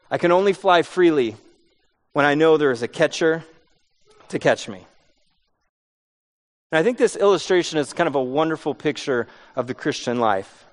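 A man's voice: fairly high pitch, normal speed, pauses often. A man preaching a sermon, mixing earnest points with funny, self-deprecating stories about his kids. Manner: storytelling with self-deprecating humor. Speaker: pastor.

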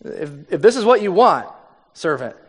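In a hall with long reverb, a male pastor with a high, breathy voice preaches at a normal speed, very animated. He keeps the tone loose and conversational while reading scripture aloud and dramatizing the lines.

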